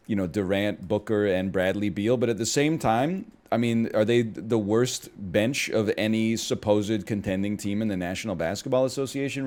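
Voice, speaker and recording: A man's voice: fairly low pitch, darkish tone. A young man chatting casually while he plays a game, rambling and joking with riffs and mock screams. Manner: jokey, trails off into riffs and bursts into mock screams.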